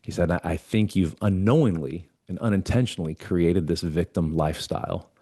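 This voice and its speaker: On a podcast, a male guest shares a story in a conversational way, earnestly voicing himself and a mentor as he quotes their exchanges. His low, husky voice has a mellow quality and moves at a moderate pace. The audio is dry and studio-grade.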